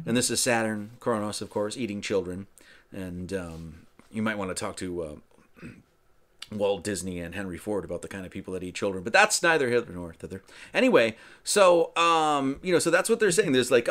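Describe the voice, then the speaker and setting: A man's voice: on the low side, expressive, brisk. A man hosting a casual film commentary, rambling, tagging lines with right? and acting out characters' lines. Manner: rambling, keeps asking right?. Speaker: host.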